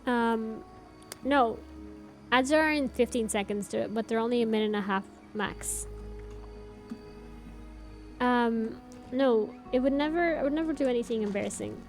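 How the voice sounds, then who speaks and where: A woman's voice: fairly high pitch, measured pace, long pauses, faint music behind. A young Canadian woman with a Canadian accent, chatting casually and laughing often while streaming a game and answering chat.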